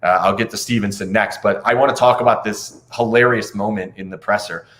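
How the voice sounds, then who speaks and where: Blunt, animated male hockey commentator. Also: lowish voice, brisk. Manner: blunt, animated, swears, incredulous. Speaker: hockey podcast host. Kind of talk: casual post-game analysis.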